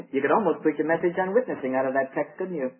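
A man preaching a sermon, emphatic and repeating key phrases, his voice swinging from high to low. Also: fast. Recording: tinny radio broadcast sound.

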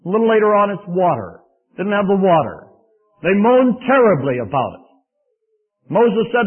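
A man preaching a sermon, animated and raising his voice for emphasis, with folksy asides. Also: high voice, moderate pace, pauses often, husky, narrow, tinny audio.

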